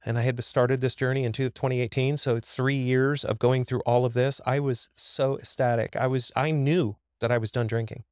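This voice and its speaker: A man's voice: medium pitch, level tone, normal speed, hardly any pauses, a little mellow, dry recording, studio quality. A man in his fifties, a podcast guest telling a personal story in an earnest, emphatic way, often repeating words as he goes.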